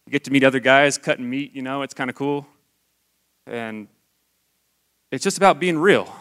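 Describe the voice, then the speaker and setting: A man's voice: medium pitch, fairly bright tone. A man in his forties giving a candid, conversational testimony sermon to his church. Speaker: lay church speaker.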